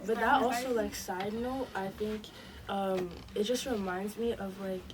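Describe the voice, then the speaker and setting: A teenage girl in a casual group discussion, chatty and quick to joke. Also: medium pitch, steady tone. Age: teens. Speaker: camp participant. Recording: distant mic with background noise.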